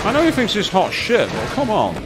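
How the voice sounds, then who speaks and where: A man co-hosts a casual gaming let's play with wry, joking remarks, his voice rising and falling a lot. Game music plays clearly behind him. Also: high-pitched, huge pitch swings, brisk.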